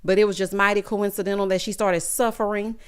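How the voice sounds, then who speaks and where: A woman's voice: medium pitch, fast talker, smooth. A woman recapping a reality show in casual, sassy commentary, acting out the cast's lines. She is just getting over being sick. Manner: sassy, animated, acts out quotes of cast members. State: recovering from illness. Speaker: recap vlogger.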